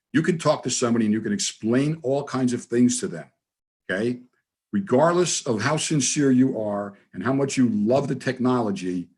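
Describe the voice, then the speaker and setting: A man with a husky, slightly breathy voice, speaking at an ordinary middle pitch. He lectures in a relaxed, conversational way, stumbling over repeated words and acting out both sides of remembered conversations. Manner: conversational, repeats words, acts out quoted dialogue. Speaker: NLP trainer giving a masterclass. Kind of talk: storytelling lecture.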